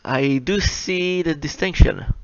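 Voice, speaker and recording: A young man chats his way through a live question-and-answer session, reading each viewer question aloud before answering it with easy self-mockery. His voice sounds smooth and clear, but the recording is slightly muffled and dry, with no room around it. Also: fairly high pitch, slow, dry recording. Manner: chatty and self-mocking, reads questions aloud and answers them. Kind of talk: casual live Q&A chat. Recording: slightly dull lo-fi mic, dry.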